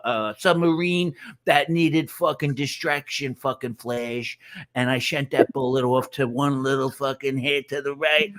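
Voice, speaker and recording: A man's voice: mid-range voice, no echo. A man hosting a casual live panel chat, joking crudely and swearing a lot.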